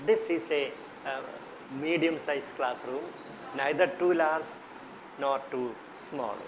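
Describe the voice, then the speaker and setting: A man's voice: a little high, takes it slowly, noisy background. A man with an Indian English accent leading a teacher workshop, questioning the class and repeating his points. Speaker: teacher trainer.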